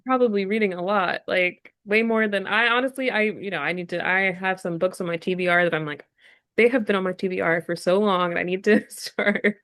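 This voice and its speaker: A woman author chatting as a guest on a podcast, soft-spoken and giggly, with lots of fillers. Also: mid-range voice, steady tone, brisk, no room sound, studio quality. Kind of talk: casual interview chat.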